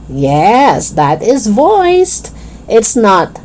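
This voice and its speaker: A woman teaching English pronunciation, drilling word pairs slowly and exaggerating the contrasts. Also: lowish voice, sing-song, darkish tone, low-quality recording. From Philippines.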